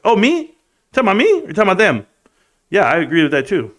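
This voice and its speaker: A man's voice: a little high, sing-song, fairly quick, long pauses, fairly bright tone. A man in his thirties hosting a live stream, reading chat aloud and joking in a rambling, casual way. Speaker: livestream host.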